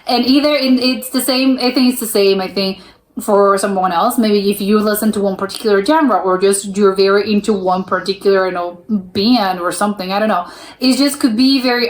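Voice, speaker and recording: A woman's voice: mid-range voice, brisk. A young American woman hosting a reaction video, thinking aloud in casual chat with many restarts. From United States. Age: young adult. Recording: roomy echo.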